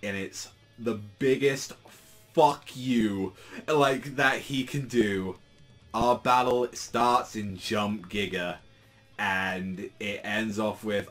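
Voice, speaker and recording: A man's voice: lowish voice, fairly even intonation, takes it slowly, a bit bright, faint music behind. A young man casually reacting to a comic, rambling, with constant "like"s and frequent swearing. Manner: rambling, heavy use of "like", swearing. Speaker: manga reviewer.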